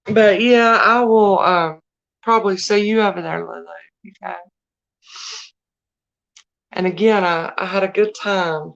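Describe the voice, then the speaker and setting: Slow-talking Southern woman, lowish voice. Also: fairly even intonation, gravelly, highs cut off. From United States. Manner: chatty, homey, addresses viewers by name. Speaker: livestream host. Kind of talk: casual live-stream chat.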